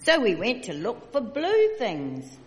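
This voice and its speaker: Kiwi lady reading a kids book, slow and sing-song, big hall reverb. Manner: expressive, slow storytelling with lively pitch. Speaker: storyteller. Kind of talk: reading a picture book aloud.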